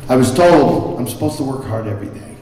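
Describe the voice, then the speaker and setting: A man's voice: mid-range voice, lively intonation, brisk, warm tone. A man speaking candidly and self-deprecatingly at a recovery meeting, telling a personal story and often repeating words as he searches for them. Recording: echoey hall recorded from far off.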